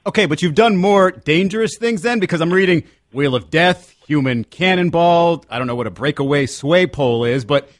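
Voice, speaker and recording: A man co-hosting a sports radio show, with a voice a little high for a man. He asks the guest plain, direct questions. The sound is dry and close to the mic. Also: normal speed, hardly any pauses, no room sound. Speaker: radio co-host.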